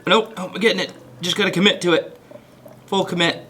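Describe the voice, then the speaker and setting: A man's voice: high voice, steady tone, brisk, pushed and bright, slight background noise. A man hosting his own cooking video, chatting casually as he cooks and laughing at his own mistakes. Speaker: cooking channel host.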